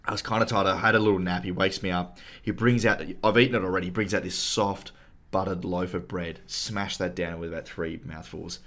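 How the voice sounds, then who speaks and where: A man's voice: low-pitched, fairly even intonation, a little fast, a bit bright. A man co-hosting a podcast, telling a story in a playful, boasting way. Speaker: podcast co-host. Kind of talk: casual chat.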